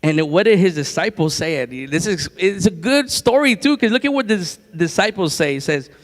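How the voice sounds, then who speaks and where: A man preaching a sermon in a church, telling the story in a lively way and acting out what people said. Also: sits high, a little fast. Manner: lively storytelling, acts out quotes with laughs. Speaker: guest preacher. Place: church sanctuary. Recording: long church hall reverb.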